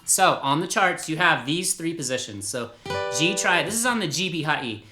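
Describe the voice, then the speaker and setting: A man's voice: a little high, lively intonation, normal speed. Upbeat rambling male guitar teacher. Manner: rambling, upbeat, laughs at himself. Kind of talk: casual guitar lesson. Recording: roomy echo with guitar playing.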